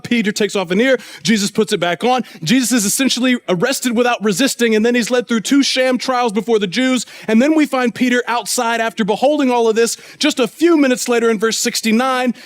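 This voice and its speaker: A man preaching a sermon in a church, telling the story and acting out the quoted voices, dropping low and quiet for solemn points.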